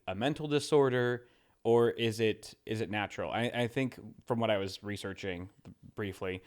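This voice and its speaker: A man's voice: on the low side, clear, resonant tone. A man co-hosting a podcast, chatting casually, often repeating words and laughing. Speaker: podcast co-host.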